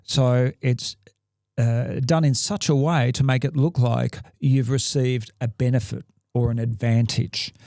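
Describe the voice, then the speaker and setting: An Australian man co-hosting a podcast, gravelly and mellow in tone. He talks in halting bursts, stopping and restarting his sentences. The sound is dry and close. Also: medium pitch, steady tone, dry recording. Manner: halting, many restarts and fillers. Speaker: podcast co-host. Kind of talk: casual chat. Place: podcast studio.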